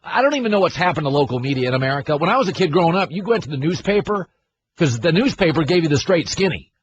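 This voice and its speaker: A man's voice: a little high, expressive, fast talker, muffled recording, slight background noise. A man hosting a sports radio show, ranting and sarcastic in disbelief. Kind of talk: opinionated sports talk.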